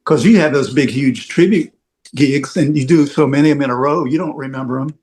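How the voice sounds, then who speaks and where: A man's voice: medium pitch, a little fast, darkish tone. A man telling a long road story in casual podcast chat, rambling with lots of filler phrases. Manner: rambling anecdotal, heavy "you know" fillers. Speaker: veteran rock roadie guest.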